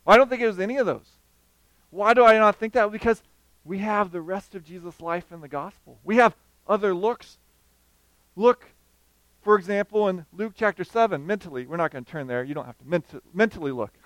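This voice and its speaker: A man with a high, smooth voice preaches a sermon, bringing the story to life and briefly voicing the people in it. The sound is dry and close, with no room echo. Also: fairly quick. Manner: animated storytelling, acting out quoted voices.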